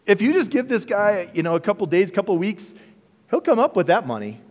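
Male pastor, fairly high voice, expressive sermon delivery, echoing hall sound. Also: fairly quick. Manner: animated, rhetorical questions to the congregation. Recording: long reverb of a large hall.

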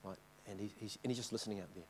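A man's voice: fairly low pitch, steady tone, rapid-fire, a little hiss or hum. Chatty man telling a mission story. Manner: chatty, keeps checking in with the audience. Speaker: missionary speaker. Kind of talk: informal church talk with slides.

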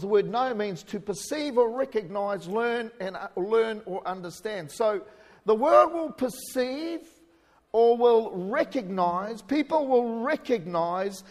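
A man from New Zealand with a New Zealand accent, preaching a sermon in a conversational way with joking asides and shouted emphasis. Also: sits high. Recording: hall reverb.

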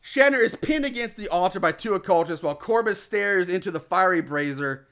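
A man co-hosting a casual podcast, recapping a movie scene by scene in an animated, profane way and laughing often. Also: sits high, brisk, clean tone. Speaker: podcast co-host recapping a film. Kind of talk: casual chat.

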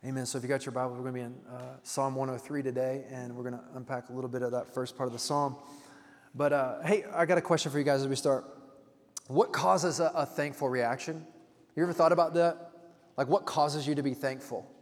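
A man's voice: mid-range voice, steady tone, fairly quick. Man preaching casually in a reverberant hall. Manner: casual, storytelling, engages the congregation with questions. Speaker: pastor. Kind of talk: conversational sermon.

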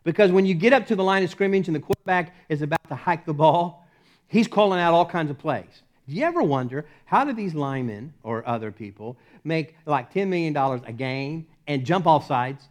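Animated preaching man, slightly high voice. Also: a little fast. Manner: animated, conversational preaching with sudden loud peaks and hushed asides. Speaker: pastor. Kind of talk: sermon.

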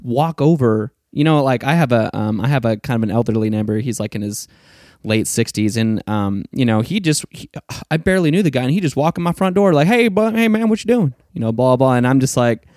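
A man's voice: medium pitch, a little fast, a little mellow, no room sound, clean studio sound. A man hosting an interview, asking loose, rambling questions with plenty of fillers. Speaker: host. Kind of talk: casual interview chat.

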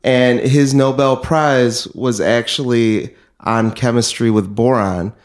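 A man's voice: mid-range voice, steady tone, takes it slowly. A man telling a rambling story on a casual podcast, hesitant and full of "uh"s. His voice sits in the middle range and rings in a roomy, echoey space. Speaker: podcast co-host giving the fact of the week. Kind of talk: casual chat.

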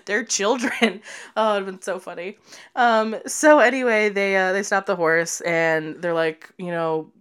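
A woman's voice: mid-range voice, unhurried, a bit bright, clean tone. Laughing, swearing woman recapping a movie. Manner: laughs a lot, swears casually, acts out quotes. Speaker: podcast co-host. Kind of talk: casual movie recap chat.

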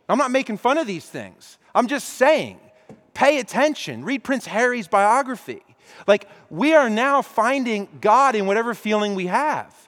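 A pastor preaching a sermon, acting out imagined conversations with lively, animated delivery. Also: male voice, high-pitched, long reverb tail. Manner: animated, acts out imagined dialogue. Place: church.

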